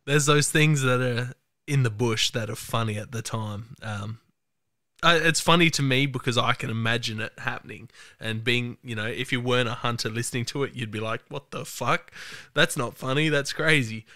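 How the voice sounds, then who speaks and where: Bright-voiced podcast host man. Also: medium pitch, moderate pace, no room sound, studio quality. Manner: relaxed, laughs easily, swears casually. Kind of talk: casual interview chat.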